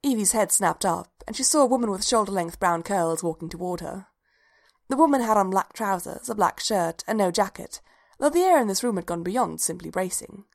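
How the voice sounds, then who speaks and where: A woman reading fan fiction aloud in an even, unhurried storytelling manner. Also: medium pitch, vocal fry. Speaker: reader.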